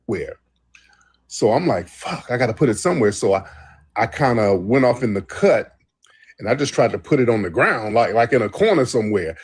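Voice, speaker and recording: Husky man rambling through a travel story. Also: medium pitch, normal speed. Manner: rambling, animated storytelling with swearing. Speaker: host. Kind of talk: casual livestream talk. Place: travelling abroad.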